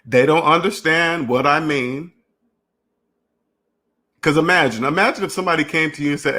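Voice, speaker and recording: A man hosting a finance channel delivers a rambling, repetitive solo monologue, restarting phrases, speaking emphatically, and acting out imagined dialogues. His voice is fairly high-pitched and sharp, and he talks a little fast.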